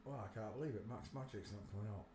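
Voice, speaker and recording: A man's voice: fairly low pitch, fast talker, noisy background. Rambling man in an echoey room. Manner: rambling, talks to himself while searching pictures; gets loud and animated telling stories. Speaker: livestream host. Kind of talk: casual livestream commentary. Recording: roomy echo with faint ambience.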